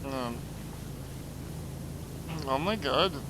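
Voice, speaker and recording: A man streaming a game and chatting with viewers, joking and self-mocking, often clearing his throat. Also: mid-range voice, lively intonation, drawn-out words, background noise. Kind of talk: casual chat reading out stream chat.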